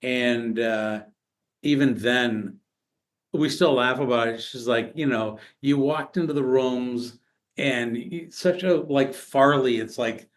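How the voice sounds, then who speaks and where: Brief: male podcast guest, mid-pitched, chatty, stumbling storyteller. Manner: halting, many restarts and fillers, animated retelling. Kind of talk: casual storytelling conversation.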